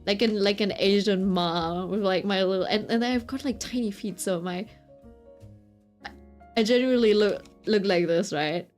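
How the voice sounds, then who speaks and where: A young woman telling a chatty, animated story to her stream audience, often checking in with her listeners. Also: mid-range voice, normal speed, soft background music. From Britain. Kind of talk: casual storytelling chat.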